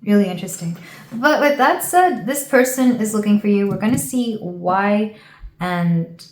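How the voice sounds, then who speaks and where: A woman from the United States giving a casual tarot reading, rambling and thinking aloud with soft fillers. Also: mid-range voice, lively intonation, a little slow, reverberant. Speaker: tarot reader.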